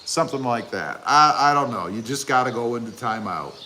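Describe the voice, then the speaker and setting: A man's voice: medium pitch, animated, fairly quick, pushed and bright, slight background noise. A man hosting a casual livestream outdoors, reading chat comments aloud in a rambling, joking way with lots of fillers. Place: outdoors by his truck.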